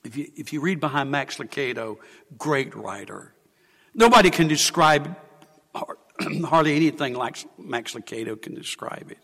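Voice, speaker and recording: A man preaching a sermon, swinging from hushed, emotional confession to loud exclamation. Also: medium pitch, animated, moderate pace, vocal fry, big-room sound.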